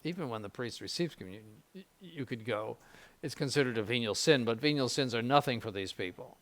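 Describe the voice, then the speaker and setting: In a fairly quick, medium-pitched voice with lively intonation, an older man who is a bishop speaks informally to seminarians about spiritual matters. He's conversational and repetitive, restarting often and dropping mild jokes and dry ironic asides.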